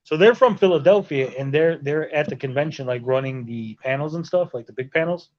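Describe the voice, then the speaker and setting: A man on a podcast call, his voice fairly high for a man and a bit dull and lo-fi. He tells his stories with animated energy, swearing freely and jumping into other people's voices. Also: a little fast. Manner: animated, profane, acts out others' lines. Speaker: podcast host. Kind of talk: casual chat, storytelling. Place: hotel room.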